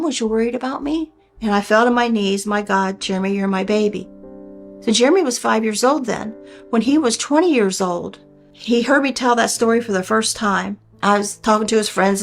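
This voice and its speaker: An older woman in her sixties recounts a personal story with earnest, heartfelt feeling. Her voice sits at a middle pitch, and she often slips into the words she and others once said. Faint music plays softly behind her. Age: 60s. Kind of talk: personal testimony.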